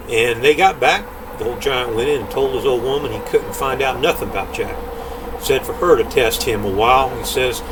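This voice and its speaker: An older grandfather reading a folk tale aloud in an unhurried, folksy way. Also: mid-range voice, fairly bright tone, a little hiss or hum, rough recording. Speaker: storyteller.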